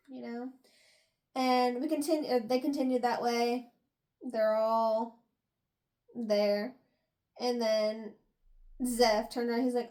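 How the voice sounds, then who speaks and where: Young female book podcaster, high pitch, unhurried, acts out characters in a casual recap. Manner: animated retelling, acting out characters' lines. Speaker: book review podcast host.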